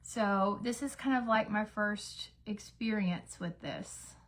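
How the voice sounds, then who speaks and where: A woman's voice: medium pitch, slow pace. A woman in her thirties chatting casually at home while getting ready, rambling with fillers and acting out bits of dialogue. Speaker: beauty vlogger. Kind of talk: casual get-ready-with-me chat.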